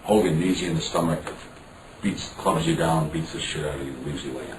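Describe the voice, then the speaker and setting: A man's voice: rumbling low, brisk. A man being interviewed, telling a story frankly with some swearing and acting out what others said. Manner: frank, profane, acts out dialogue. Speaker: interview guest. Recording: roomy, distant mic, background noise.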